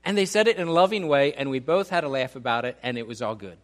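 A man's voice: medium pitch, animated, fast. A middle-aged male pastor giving a conversational sermon, often restarting his sentences and poking fun at himself. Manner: conversational, self-deprecating preaching with many restarts.

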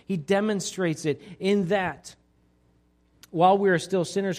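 A pastor preaching a conversational sermon to his congregation, swinging between loud emphasis and quiet, hushed lines. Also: high-pitched, unhurried, long pauses. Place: church sanctuary.

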